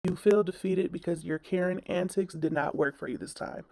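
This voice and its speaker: A woman's voice: on the low side, normal speed, vocal fry, a little mellow, no echo. A woman commentator ranting bluntly in a reaction video, scolding and swearing.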